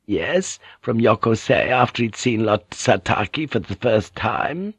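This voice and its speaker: A man reading a shrewd older court lady who speaks softly, confiding and probing. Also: lowish voice, animated, measured pace, husky, no echo, heavily acted. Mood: hushed.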